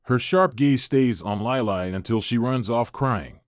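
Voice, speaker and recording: A man reading a first-person family story aloud as a scripted narration, in a steady, even manner. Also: medium pitch, unhurried, no room sound, studio quality.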